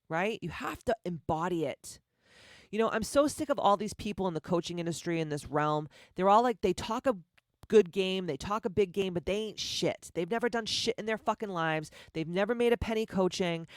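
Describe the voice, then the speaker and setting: A deep-voiced woman delivers a motivational podcast rant, blunt and heavily profane. She hammers points home with repeated rhetorical questions, at a middling pitch in a dry, close room. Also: no room sound. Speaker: podcast host.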